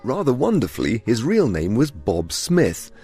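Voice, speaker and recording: A man's voice: mid-range voice, wildly swooping pitch, normal speed, dark tone, slightly rough, faint music behind. A man presenting a radio documentary, narrating a script with dry, wry storytelling.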